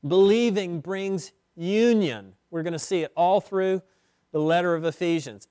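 A man preaching an expository sermon as pastor, emphatic, slowing down and repeating words for weight. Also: high voice, mellow, no echo, clean studio sound. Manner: emphatic, with slow stretched phrases and repeated words.

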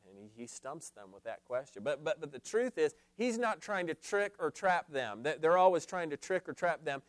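A man's voice: fairly high pitch, big pitch swings, moderate pace, hardly any pauses, no echo. A man giving an earnest, emphatic Bible lesson to a class, posing questions to his listeners. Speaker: Bible teacher. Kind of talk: expository Bible teaching.

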